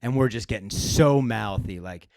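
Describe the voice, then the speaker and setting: A young man co-hosting a comedy podcast, telling an animated, profane story in casual chat. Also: fairly low pitch, normal speed, vocal fry, no echo, clean studio sound.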